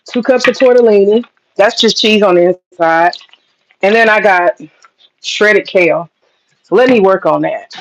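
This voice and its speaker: A woman's voice: medium pitch, normal speed, pauses often, highs cut off. A woman telling stories and cooking in a casual vlog, chatty and profane. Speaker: cooking vlogger.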